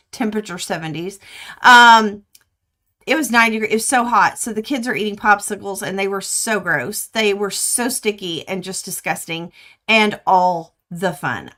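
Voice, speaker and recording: Older lady chatting on her webcam stream, bright voice, gets excited about everything. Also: medium pitch. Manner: chatty, excitable, laughs easily. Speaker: quilting livestream host. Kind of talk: casual chat to live viewers. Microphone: webcam livestream.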